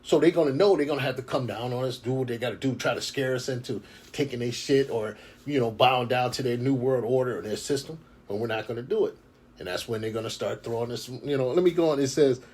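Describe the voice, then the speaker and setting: A man preaching informally on scripture, reading verses slowly and then commenting in heated, profane slang. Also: medium pitch, darkish tone, husky. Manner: gets fired up. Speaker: scripture teacher.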